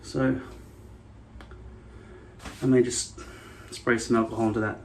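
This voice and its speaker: A man's voice: mid-range voice, level tone, a little slow, creaky, background noise. A man vlogging in a casual, rambling way, frank and swearing now and then. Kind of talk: casual vlog talk.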